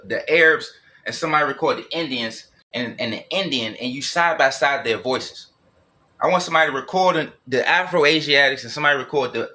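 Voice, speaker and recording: A man's voice: fairly high pitch, pushed and bright. A man giving a blunt, profane solo monologue, repeating and circling back over his points.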